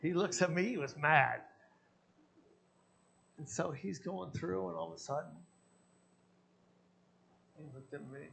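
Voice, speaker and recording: A man's voice: fairly high pitch, expressive, measured pace, gravelly, pauses often, a bit bright. A man, a pastor, preaching a sermon and telling personal stories, acting out the dialogue in them. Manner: storytelling, acting out his own quoted dialogue.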